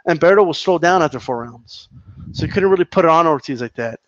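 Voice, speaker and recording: A man's voice: a little high, lively intonation, fast talker, dry recording, highs cut off. A man ranting casually about boxing on a live stream, reading the chat, swearing and repeating himself in heated bursts. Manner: profane, heated, repetitive.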